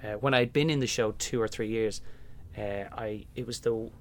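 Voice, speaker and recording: Animated Irish man telling stories. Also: lowish voice, moderate pace. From Ireland. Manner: animated, acts out voices in anecdotes. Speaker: musical theatre performer. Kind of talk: casual storytelling interview.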